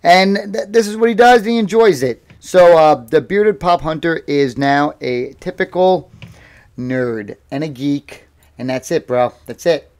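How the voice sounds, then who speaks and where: A man in his thirties talks casually on a live stream from home. His voice sits a bit on the high side. He rambles through stories and pokes fun at himself. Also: unhurried. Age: 30s. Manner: rambling, self-mocking, bursts into loud laughter. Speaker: livestream host and boxer.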